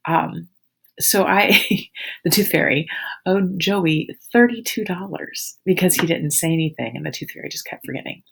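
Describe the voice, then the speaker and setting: A woman's voice: lowish voice, moderate pace, gravelly, fairly bright tone, husky. A woman in her forties, a teacher, telling her students a rambling, amused story in a casual, chatty way.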